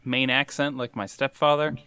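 A man co-hosts a casual podcast chat in a smooth, resonant voice. He rambles with many "like" fillers, recorded dry and close. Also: medium pitch, level tone, moderate pace, pushed and bright, no echo. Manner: rambling, lots of "like", laughs often. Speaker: podcast co-host.

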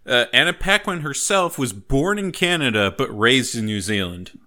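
A man hosting a casual movie podcast, playful and quick to laugh, with halting restarts. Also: medium pitch, expressive, bright, forceful tone. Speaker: podcast host.

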